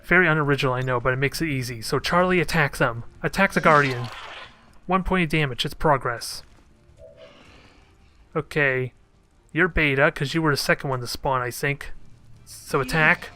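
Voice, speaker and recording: A man's voice: fairly high pitch, moderate pace, long pauses, sharp tone, faint music behind. A man commenting casually on his own strategy gameplay, thinking aloud and cracking joking asides at his units. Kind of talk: casual let's play commentary.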